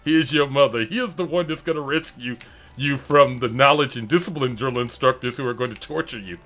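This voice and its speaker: A man's voice: medium pitch, brisk. A middle-aged man from Detroit, telling stories in a casual chat and laughing often. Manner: animated, laughing often, acting out quotes. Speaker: streamer host. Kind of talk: casual storytelling.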